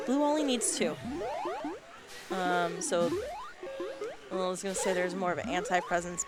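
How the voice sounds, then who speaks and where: Woman calling arcade matches over music. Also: lowish voice. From northern United States. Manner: rambling, playful asides between calls. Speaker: esports league commentator. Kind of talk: casual play-by-play commentary. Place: arcade bar.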